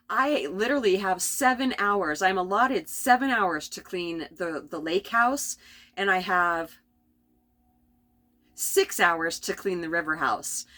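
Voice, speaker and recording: A middle-aged woman talking casually and earnestly about her spiritual path, rambling with restarts. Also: on the low side. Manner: earnest, rambling, often restarts and laughs softly. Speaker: spiritual vlogger.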